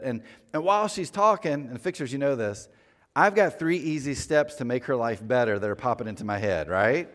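A man gives a sermon from the front of a church, his medium-pitched voice trailing off into a long hall reverb. He talks in an easy, conversational way and pokes fun at himself. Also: expressive, brisk. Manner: conversational, self-deprecating preaching. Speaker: pastor.

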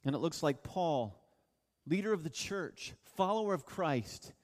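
High-voiced man preaching in a reverberant hall. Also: expressive. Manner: earnest, emphatic preaching with slow drawn-out stresses. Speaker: pastor. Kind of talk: sermon. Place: church hall. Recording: long reverb of a church hall.

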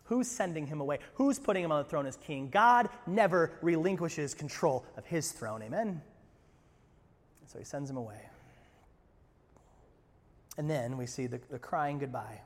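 A pastor preaching a sermon, animated and conversational, with humorous asides. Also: male voice, fairly high pitch, moderate pace, pauses often, long reverb tail.

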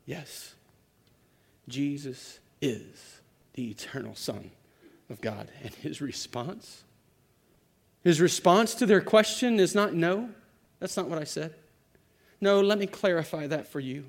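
A man preaching a sermon, moving from hushed, quiet passages to loud, emphatic declarations and slowing to stress key words. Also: fairly high pitch, animated, gravelly. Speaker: pastor.

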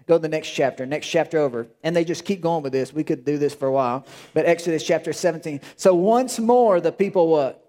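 A man's voice: a little high, fairly quick, warm tone. A male pastor preaching a sermon in an emphatic, repetitive way, often restarting his phrases.

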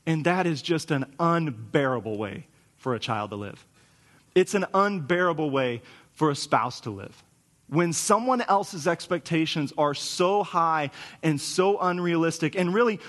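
A man's voice: a little high, lively intonation, normal speed, fairly bright tone. A man in his forties preaching a sermon in an earnest, conversational way, with stories woven in. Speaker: pastor.

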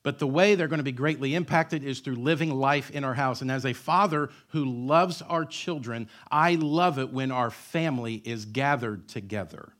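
A male pastor in his thirties preaches in a church with a middle-pitched voice. He drives his points home with emphatic repetition and slips in joking asides. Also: normal speed, few pauses, fairly bright tone. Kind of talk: sermon.

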